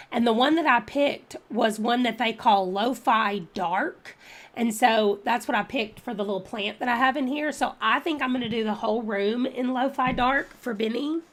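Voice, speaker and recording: A woman with a somewhat high voice hosts a casual readathon livestream. She rambles in a friendly way, thinking aloud about her plans as she goes. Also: normal speed. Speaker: book channel host.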